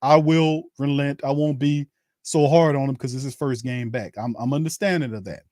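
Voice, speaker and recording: A man's voice: steady tone, normal speed, a little mellow, no echo, studio quality. A man hosting a casual watch-party, giving loose play-by-play commentary, exasperated and often laughing in disbelief. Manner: exasperated, laughing, rising to high-pitched disbelief. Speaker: host giving live game commentary.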